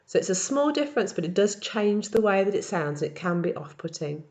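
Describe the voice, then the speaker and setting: A woman's voice: mid-range voice, very animated, darkish tone. Woman explaining French verbs step by step. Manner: explains step by step, models French verb forms slowly. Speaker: French teacher. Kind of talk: recorded language tutorial.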